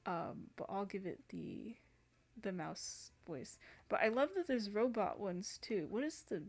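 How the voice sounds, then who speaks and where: A woman's voice: medium pitch, expressive, unhurried, creaky. A young woman hosting a gaming channel, chatting casually over gameplay, rambling with many fillers and restarts.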